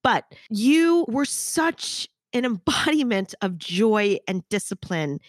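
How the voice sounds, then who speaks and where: A woman's voice: medium pitch, very animated, slow, no room sound, studio quality. A woman hosting a podcast interview, talking frankly and emphatically and swearing casually. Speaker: podcast host. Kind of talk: candid interview conversation.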